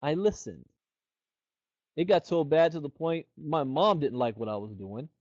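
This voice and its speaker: Middle-aged man giving a lively sales training. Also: mid-range voice, dry recording. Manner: animated storyteller who acts out the quoted people. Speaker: network marketing trainer. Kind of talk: motivational training talk. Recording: dull, dry lo-fi recording.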